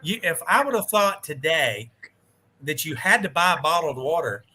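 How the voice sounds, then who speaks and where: A man chatting as a guest on a live stream over a video call, telling animated stories, acting out quoted dialogue and swearing mildly. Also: fairly high pitch, normal speed, slightly rough. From United States. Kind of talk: casual chat.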